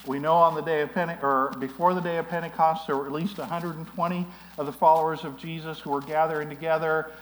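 A man's voice: fairly high pitch, fairly even intonation, fast talker, hardly any pauses, a bit bright, a little hiss or hum, rough recording. A man preaching a sermon, telling stories in a conversational way with frequent asides and restarts. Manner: storytelling, conversational with frequent "you know". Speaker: pastor.

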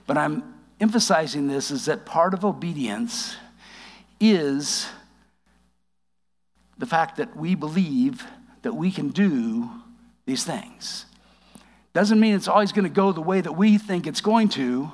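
A man giving a conversational sermon, reading scripture aloud and explaining it with wry asides, slowing down for emphasis. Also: a little high, in a large hall. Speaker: preacher.

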